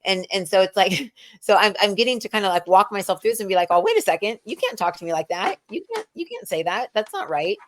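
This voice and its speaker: A woman's voice: medium pitch, sing-song, fast talker. A middle-aged woman hosting a casual spiritual chat, rambling with many fillers and restarts. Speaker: show host.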